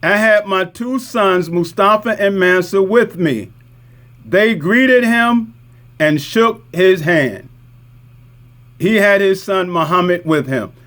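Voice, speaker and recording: High-voiced middle-aged imam, chatty. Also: male voice, fairly bright tone. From Newark, New Jersey. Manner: conversational, repeats points, asks "right?" often. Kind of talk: community talk with show-and-tell.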